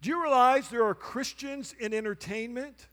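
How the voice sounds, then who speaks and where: A man's voice: very high-pitched, moderate pace, fairly bright tone, long reverb tail. A male pastor preaching a sermon, telling a story and acting out both sides of a conversation, calling out to the congregation. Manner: calls out to the congregation. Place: church sanctuary.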